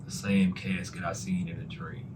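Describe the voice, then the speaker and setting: This Southern American man speaks at normal speed in a low, level voice over background noise. His personal testimony is heartfelt and emotional, and he circles back over the same points while telling it.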